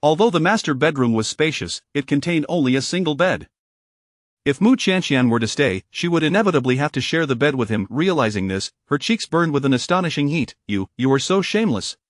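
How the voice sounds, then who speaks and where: A man giving scripted audiobook narration of a romance story in an even, steady reading. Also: on the high side, fairly quick, dry recording, studio quality.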